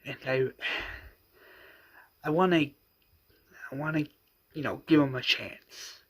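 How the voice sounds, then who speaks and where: A man's voice: fairly high pitch, takes it slowly, breathy edge. Man casually retelling a story. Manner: rambling, frequent fillers and restarts. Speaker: channel host. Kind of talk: casual retelling of a fan-written episode.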